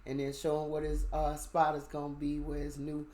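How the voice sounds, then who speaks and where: A storyteller voicing Moses as a soft-spoken leader who talks in casual slang. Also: medium pitch, completely flat delivery, brisk, natural voice. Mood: instructing. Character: apologetic, commanding Moses giving orders. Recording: echoey room.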